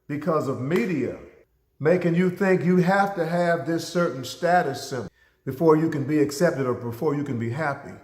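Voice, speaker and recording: Emphatic male speaker in an echoey hall. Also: a little high. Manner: emphatic, preacherly, addresses listeners directly. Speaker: motivational speaker and mentor. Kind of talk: motivational talk with storytelling.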